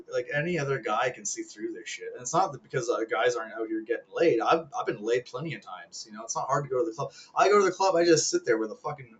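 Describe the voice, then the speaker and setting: A man's voice: mid-range voice, a bit bright, low-quality recording. A man in his thirties ranting casually to camera, rambling, swearing a lot and laughing at his own jokes. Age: 30s. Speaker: vlogger. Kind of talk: casual rant.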